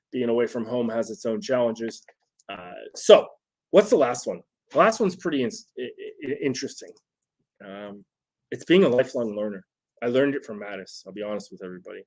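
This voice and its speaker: A man's voice: medium pitch, darkish tone. Chatty man giving a leadership talk. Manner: conversational, frequent "right?" tags, restarts. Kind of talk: casual solo talk to viewers. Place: home setup with phone nearby.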